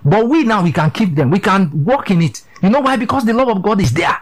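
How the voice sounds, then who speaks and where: Man, preacher, sermon, emphatic, fairly high voice, very lively intonation. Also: fairly quick, low-quality recording. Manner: emphatic, repetitive, often checks in with listeners.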